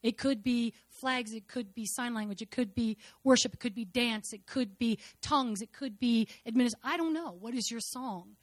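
A woman's voice: fairly high pitch, normal speed, hardly any pauses, no room sound. Fervent woman giving church testimony. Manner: fervent, repetitive, swings between loud declarations and hushed murmurs. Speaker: speaker sharing a personal testimony.

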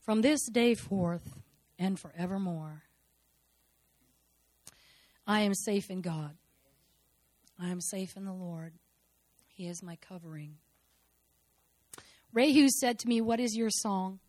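A woman's voice: mid-range voice, takes it slowly, pauses often, dry recording. Fervent woman giving church testimony. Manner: fervent, repetitive, swings between loud declarations and hushed murmurs. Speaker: speaker sharing a personal testimony.

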